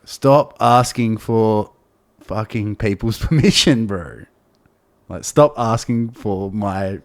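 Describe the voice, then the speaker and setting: A man's voice: on the low side, a little slow, close to an everyday voice. A man voicing a stern male spirit from a vision, blunt and swearing.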